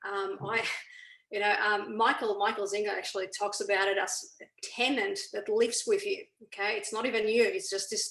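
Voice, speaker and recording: A woman's voice: medium pitch, pushed and bright. A woman explaining ideas on a video call as a guest coach, who keeps checking in with "okay?". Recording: roomy echo.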